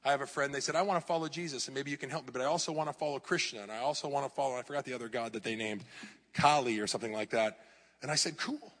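Speaking rapid-fire at medium pitch, a middle-aged pastor preaches animatedly in a church hall that gives him a big-room sound. He occasionally ridicules clickbait headlines, his voice rising as he does.

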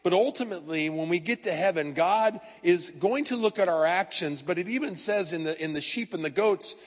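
Male pastor, sermon, conversational storytelling, slightly higher voice, long hall reverb. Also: animated, fairly quick. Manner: conversational storytelling preacher who talks straight to the congregation.

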